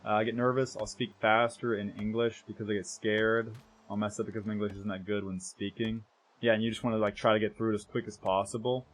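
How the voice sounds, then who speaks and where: A man's voice: lowish voice, flat delivery, quick pace. A young American man chatting casually with viewers while streaming a game, rambling and correcting himself as he goes. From United States. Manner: rambling, self-correcting, trails off softly.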